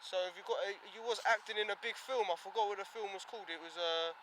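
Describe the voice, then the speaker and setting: A man's voice: high-pitched, quick pace, noisy background. A man with an Essex English accent interviewing a rapper outdoors, hesitant and slangy with many fillers. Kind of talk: casual interview chat.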